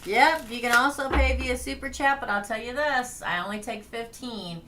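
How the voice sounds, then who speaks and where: A woman's voice: a little high, moderate pace, noisy background. A woman tarot reader hosting a casual livestream, chatting, laughing and reading names off a list.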